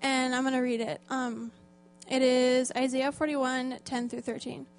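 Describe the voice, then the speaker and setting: A woman's voice: sits high, level tone, a little slow. A woman speaking at a church service, giving a heartfelt, tearful testimony and reading scripture aloud. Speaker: church program volunteer.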